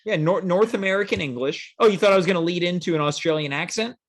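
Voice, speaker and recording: A man hosting a comedic chat show, teasing his guest with deadpan jokes and mock-earnest advice. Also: sits high, fast, a little hiss or hum. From Canada. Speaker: host.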